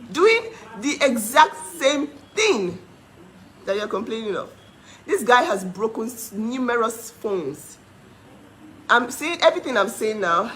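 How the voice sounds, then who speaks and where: A woman's voice: medium pitch, a bit bright, low-quality recording. Angry woman going off on a rant, sarcastic bitter laughs, faint hiss behind. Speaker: livestreamer speaking out for her sister. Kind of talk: emotional direct-to-camera rant.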